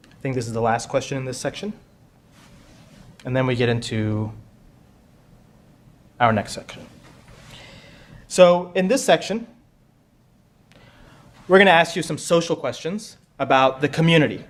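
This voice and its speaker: Hosting a pub quiz in a conference room with an audience at a tech conference, a man is chatty and joking and often repeats himself. His medium-pitched voice is expressive and unhurried, with frequent pauses.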